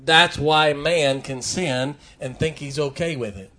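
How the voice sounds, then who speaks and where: A man preaches to his congregation. His voice sits fairly high, and he moves between casual, joking asides and emphatic, rising declarations. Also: measured pace, pushed and bright. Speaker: pastor. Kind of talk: sermon.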